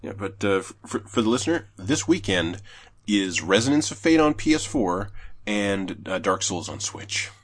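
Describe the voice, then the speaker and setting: A young man chatting casually about video games, telling animated stories and swearing often. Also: moderate pace. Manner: animated storyteller, swears, jumps high when excited. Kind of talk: casual gaming chat.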